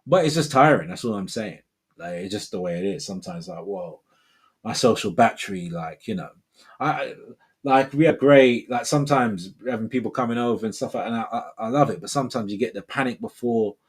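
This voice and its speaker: In his forties, this livestream host chats casually and reads out viewer comments in a rambling, laid-back way, leaning on "man" and "bro." His voice is lowish, husky and animated, and he talks briskly.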